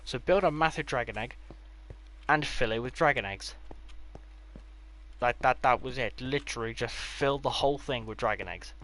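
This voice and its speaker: A man's voice: medium pitch, moderate pace, pushed and bright. A man giving a casual, rambling tour of his game builds, with offhand delivery and dry sarcastic asides. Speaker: gaming creator.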